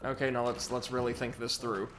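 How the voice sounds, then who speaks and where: A man's voice: mid-range voice, a little fast. Male let's play host, casual and self-correcting, medium voice, light music bed. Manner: chatty, self-correcting, excitable. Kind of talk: casual gameplay commentary with chat reading.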